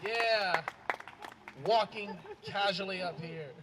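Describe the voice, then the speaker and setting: A young male emcee introduces comedians outdoors in a hyped, loose way, with a high voice. A crowd is clearly heard around him. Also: unhurried. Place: outdoor show.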